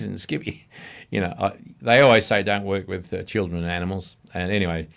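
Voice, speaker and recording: A man's voice: sits low, brisk, vocal fry. An Australian man, a middle-aged radio presenter, chatting casually on a podcast and acting out voices in his anecdotes. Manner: animated storyteller, acts out voices in anecdotes.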